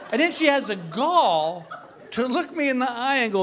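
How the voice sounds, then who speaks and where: A man's voice: extremely high pitch, normal speed. An older man doing a stand-up comedy routine on a club stage, telling stories with mock exasperation. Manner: animated storytelling, mock exasperation.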